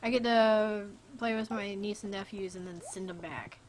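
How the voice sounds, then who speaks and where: A woman's voice: medium pitch, steady tone, moderate pace. A young woman streaming a farming game, chatting casually and self-mockingly, reading game lines aloud in goofy voices. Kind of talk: casual gameplay chat.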